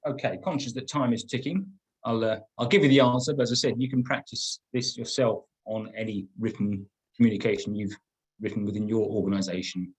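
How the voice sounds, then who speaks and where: Middle-aged man, slightly husky webinar trainer, emphatic, repeats himself. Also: lowish voice, fairly even intonation, brisk, rough recording. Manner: emphatic, repeats words and restarts often. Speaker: business trainer. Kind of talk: webinar teaching.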